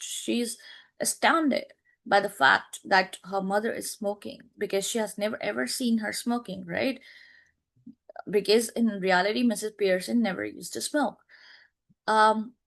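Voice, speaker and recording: A woman teacher explaining a play line by line, repeating herself and checking with "right?", pausing to search for words. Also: mid-range voice, creaky.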